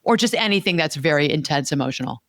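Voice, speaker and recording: A woman's voice: low-pitched, animated, fast, fairly bright tone, no echo, clean studio sound. A woman hosting a podcast as a therapist, talking earnestly and explaining, repeating key words as she goes. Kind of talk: conversational podcast chat.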